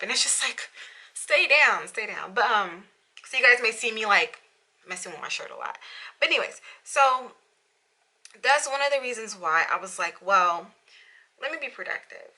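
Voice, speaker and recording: A young woman with a very bright, sharp voice talks openly to her camera at home in a casual confessional vlog. She is tearful and struggling to hold back crying, and her talk keeps circling back through "you know"s. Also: a little high, rough recording. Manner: candid, emotional, many "you know"s. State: tearful, fighting back tears. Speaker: beauty vlogger. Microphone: camera in front of her.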